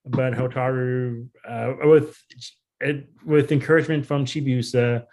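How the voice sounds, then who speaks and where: Male co-host for a casual podcast, easygoing recap delivery, average pitch. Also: unhurried. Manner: relaxed recapping, with fillers like "uh" and "um". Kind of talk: casual chat.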